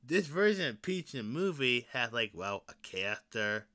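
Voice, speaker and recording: A young man talks through his solo podcast in a bright, forward voice with lots of bounce in his pitch. He rambles, laughs, restarts sentences and curses freely. He swings from excited outbursts to mumbled asides. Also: normal speed. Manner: rambling, laughing, swearing, with many restarts and sudden loud bursts; excited fan talk that drops to mutters and whispers. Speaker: podcast host. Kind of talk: casual solo podcast chat.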